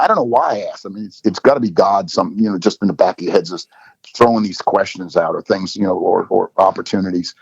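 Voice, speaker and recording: A man's voice: low-pitched, fairly quick, darkish tone, no echo. A middle-aged man, a football coach, telling stories in a casual interview with lots of "you know" fillers. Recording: dull lo-fi dry recording.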